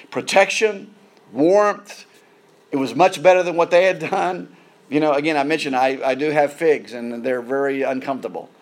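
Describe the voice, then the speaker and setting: A man preaching a sermon in an earnest way, often repeating words as he builds emphasis. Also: a little high.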